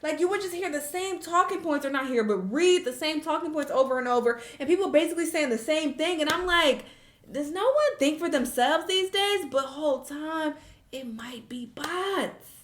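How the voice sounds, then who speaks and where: A woman's voice: high voice, animated, normal speed. A young adult woman hosting a casual reaction video, talking candidly and animatedly and cursing freely. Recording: echoey room.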